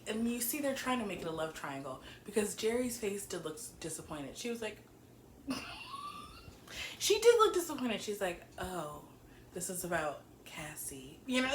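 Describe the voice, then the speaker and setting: A woman's voice: high voice, slight background noise. Giggly woman in an echoey room. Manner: giggly, chatty, often breaks into laughter. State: slap-happy and sleepy early in the morning. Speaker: TV show reviewer. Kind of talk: casual recap review.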